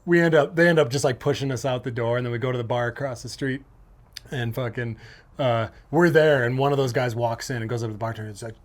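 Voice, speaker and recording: A man's voice: mid-range voice, fast. A middle-aged man from Minnesota telling a wild story in casual chat, swearing and acting out the voices he quotes. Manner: animated, swearing, acts out quotes in raised voice. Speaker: podcast host.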